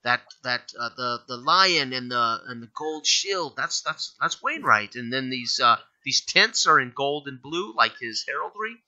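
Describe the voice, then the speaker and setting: A man runs a tabletop game as game master, describing the scene in halting bursts full of fillers. His voice is very bright and sharp, and the lo-fi recording sounds dull. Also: medium pitch, lively intonation. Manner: halting, many fillers and restarts.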